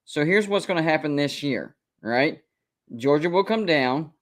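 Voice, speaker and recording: Hosting a live college football stream, this man speaks in a slightly high, expressive voice at a measured pace. His casual sports commentary turns emphatic and repetitive as he sticks up for his picks.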